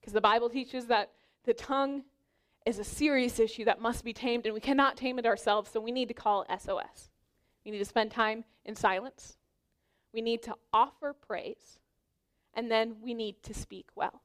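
A woman's voice: a little high, steady tone, normal speed. Young woman preaching an earnest sermon. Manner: earnest, exhorting, personal anecdotes. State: pregnant.

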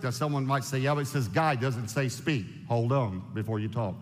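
A man preaching a sermon, emphatic and animated, firing off rhetorical questions. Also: mid-range voice, normal speed, few pauses. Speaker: pastor. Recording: long hall reverb.

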